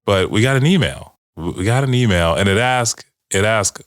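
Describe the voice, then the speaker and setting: A man's voice: on the low side, animated, moderate pace, hardly any pauses, no room sound, studio quality. A man co-hosting a podcast in casual chat, wry and rambling as he steers the talk. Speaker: podcast co-host.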